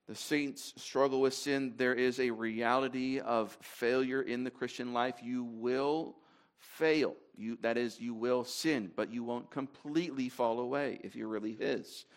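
A man gives a sermon to a gathered congregation in a middle-pitched, everyday voice. He speaks conversationally, with fillers and restarts, and reads scripture passages aloud as he goes. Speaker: preacher.

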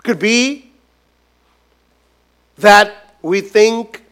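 A man preaching a sermon as a pastor, emphatic and repetitive, swinging between loud stresses and hushed lines. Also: high voice, drawn-out words, clear, resonant tone. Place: church gathering.

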